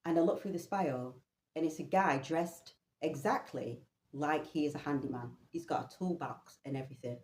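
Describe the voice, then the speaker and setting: A woman telling a personal story in an animated, incredulous way, often laughing. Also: low voice. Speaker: vlogger. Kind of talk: storytelling monologue. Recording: roomy echo.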